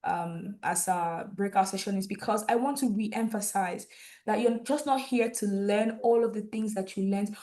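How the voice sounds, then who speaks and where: A woman's voice: medium pitch, normal speed, mellow. A woman hosting an online graduation ceremony over a video call, enthusiastically reading out viewers' comments and names. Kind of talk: lively live-stream hosting.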